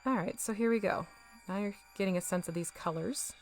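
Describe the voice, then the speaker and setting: A woman's voice: mid-range voice, fairly quick, soft background music. A woman chatting casually with her live-stream audience while she paints miniatures, laughing often and sometimes drifting away from the mic.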